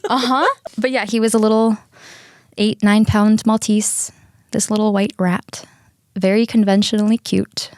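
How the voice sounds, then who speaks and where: A woman's voice: mid-range voice, little pitch movement, a little slow, darkish tone, dry recording, studio quality. Chatty woman telling stories with laughs. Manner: chatty, laughs often, swears casually. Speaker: podcast co-host. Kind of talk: casual storytelling chat.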